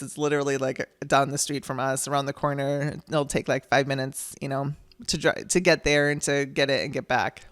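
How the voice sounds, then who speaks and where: A woman's voice: low-pitched, steady tone, moderate pace, dry recording, clean studio sound. A middle-aged woman hosting a podcast, telling a personal story in a chatty, emotional way and laughing through tears. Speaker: podcast host.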